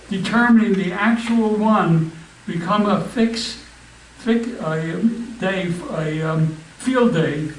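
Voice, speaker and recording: A man giving a slow, deliberate reading of a famous speech and then a history talk, stumbling and restarting now and then. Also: high-pitched. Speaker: history club speaker. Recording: roomy, distant mic with faint background ambience.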